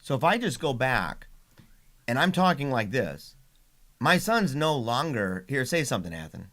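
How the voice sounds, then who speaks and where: A man's voice: medium pitch, very animated, normal speed, a bit bright. A middle-aged man hosting a casual livestream, chatty and laughing, with many restarts. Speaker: livestream host and father.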